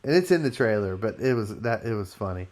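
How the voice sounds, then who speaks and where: Male co-host, casual, slangy storyteller, relaxed podcast delivery. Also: fairly low pitch, quick pace. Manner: slangy, relaxed retelling of a film plot. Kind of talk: casual chat.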